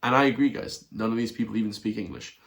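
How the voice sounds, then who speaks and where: A man's voice: lowish voice, quick pace, gravelly. A man doing a blunt, repetitive rant in a video commentary, chuckling between his points. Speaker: online commentator.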